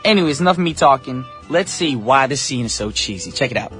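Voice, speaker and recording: A man's voice: mid-range voice, lively intonation, fairly bright tone, soft background music. A man hosting a morning radio show from the studio, chatting casually and upbeat with listeners. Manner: upbeat, chatty, quick asides. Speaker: radio DJ host. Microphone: studio mic.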